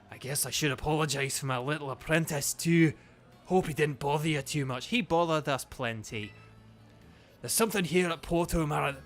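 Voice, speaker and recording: A man voicing a boisterous old male gym leader with a put-on Scottish accent, loud and folksy. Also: fairly high pitch, creaky.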